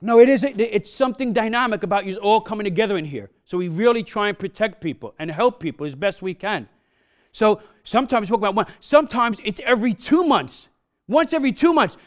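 Male pastor, high voice, accented English, punchy sermon delivery with call-outs to the room. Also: lively intonation, a little fast. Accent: non-native English accent. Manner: punchy, repeats questions to the congregation, frequent "huh?". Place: church sanctuary.

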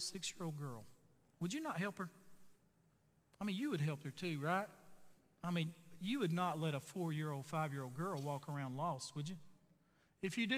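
High-voiced preacher in a reverberant hall. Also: male voice. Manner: conversational, jokey, asks the audience questions. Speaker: pastor. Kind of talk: sermon.

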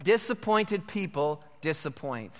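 A man's voice: on the high side, animated, unhurried. A man preaching a sermon as a pastor, emphatic and repeating his points for emphasis. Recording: long hall reverb.

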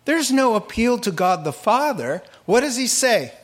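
A man preaching a sermon, telling the story with animated energy and humorous asides. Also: high-pitched, measured pace, hardly any pauses.

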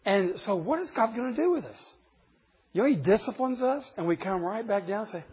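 A man's voice: high voice, expressive, brisk, slightly rough. A man in his fifties, a pastor preaching a sermon in an emphatic, humorous storytelling way. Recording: dull lo-fi recording.

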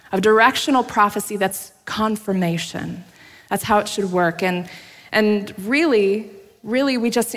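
A pastor preaches in a church sanctuary, telling her own story with candor and gentle jokes at her own expense, punctuated by small laughs. Her voice is mid-range and a little bright, and it fades into a long, hall-like reverb.

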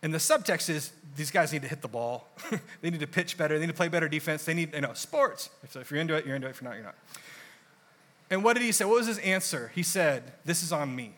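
Young male pastor, fairly high, bright voice; casual, animated sermon delivery. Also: fast talker. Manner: conversational, animated storytelling with asides.

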